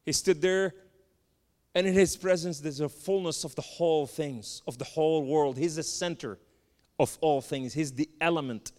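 A man's voice: fairly high pitch, normal speed. Impassioned man preaching in a reverberant hall. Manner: dramatic, swings from loud cries to hushed tones. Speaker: preacher giving testimony. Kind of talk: impassioned sermon testimony. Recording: long reverb of a large hall.

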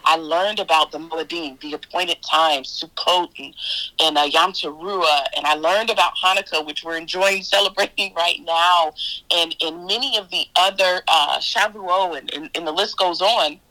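A woman guest minister telling her faith testimony in an interview, animated and storytelling, often repeating her own words in quotes. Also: lowish voice, normal speed, poor audio.

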